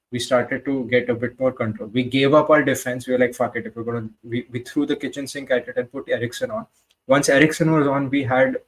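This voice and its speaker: A man's voice: medium pitch, poor audio. Blunt, sweary football pundit man. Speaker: football podcast co-host. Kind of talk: casual match-reaction chat.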